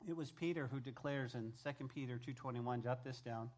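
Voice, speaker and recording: A male pastor speaks fairly quickly in a medium pitch as he preaches. His style is emphatic, with repeated key phrases and swings from loud to hushed.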